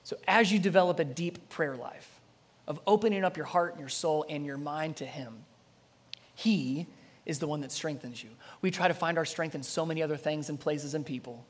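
A pastor preaching a sermon with dramatic delivery, swinging between loud passages and soft ones. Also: medium pitch, moderate pace.

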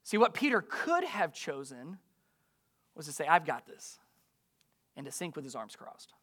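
A man's voice: a little high, very animated, normal speed, pushed and bright. A man preaching a sermon as a pastor, emphatic and full of rhetorical questions to his listeners.

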